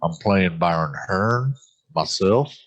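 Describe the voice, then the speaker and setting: A man's voice: deep voice, animated, slow, muffled recording, heavily acted. A man doing a drawling Louisiana accent as a boastful, carefree rogue in a tabletop game introduction. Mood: cocky. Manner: rambling, drawling, cocky. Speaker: player. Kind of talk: in-character introduction.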